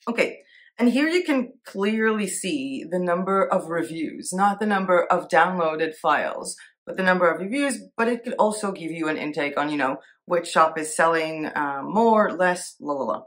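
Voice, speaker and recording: A woman talks her way through a screen-share in an easy, conversational tone. Her voice sits a little low, and she thinks out loud as she goes, often slipping into small giggles. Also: animated, moderate pace. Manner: chatty, thinks aloud, giggles easily. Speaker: Etsy seller and art vlogger. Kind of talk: casual screen-share commentary.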